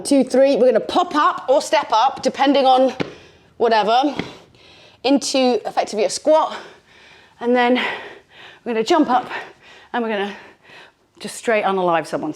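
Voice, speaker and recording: A woman leading a home workout, chatty and playful, poking fun at herself as she demonstrates moves in a small room. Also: on the high side. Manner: chatty, self-deprecating, playful. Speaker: fitness instructor. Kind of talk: casual workout instruction. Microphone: handheld microphone.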